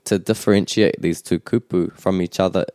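A man co-hosting a language lesson, patiently explaining words and repeating them slowly. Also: low-pitched, steady tone, dark tone, no echo, studio quality. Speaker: language teacher and co-host. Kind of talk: bilingual language lesson chat.

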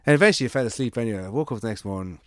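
A man's voice: medium pitch, expressive, very fast, fairly bright tone, no echo, clean studio sound. A man with an Irish accent telling a long, rambling anecdote in casual chat, acting out the quoted lines and swearing freely.

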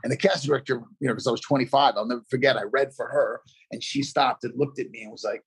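A middle-aged man, an actor guest, telling a story in a casual, animated way, full of "you know" fillers. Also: mid-range voice, fast, creaky, few pauses, husky.

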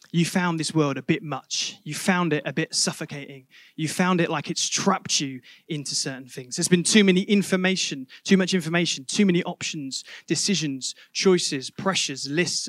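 A man preaching a sermon, telling a vivid story that swells loud and drops to a hush. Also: on the high side, no echo, clean studio sound. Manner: vivid storytelling, building to loud climaxes then dropping to a hush.

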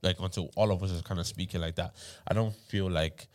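A man's voice: sits low, fairly even intonation, a little fast, darkish tone. A young man with an Irish accent in a casual group chat, talking emphatically and repeating words as he starts his point.

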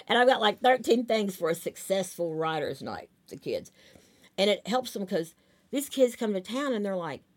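A woman's voice: mid-range voice, big pitch swings, normal speed. A woman, telling rambling anecdotes in a casual interview, full of fillers. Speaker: talent agent, guest.

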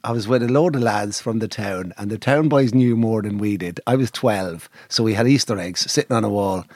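An Irish man co-hosting a podcast, telling rambling, animated stories in casual chat. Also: lowish voice, brisk, no echo, studio quality. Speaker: podcast co-host.

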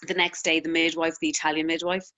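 A deep-voiced Irish woman in her thirties talks fast, with a flat yet pushed and bright delivery. A lactation consultant, she's a casual interview guest whose stories lean heavily on fillers like "like."

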